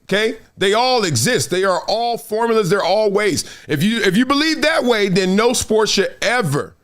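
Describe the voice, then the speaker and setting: A man hosts a sports talk show with an emphatic, animated delivery and frequent laughs. His fairly high voice swings widely in pitch as he drives his points home. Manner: animated, emphatic, acts out quotes, laughs often. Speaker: sports podcast host. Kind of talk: animated sports commentary chat.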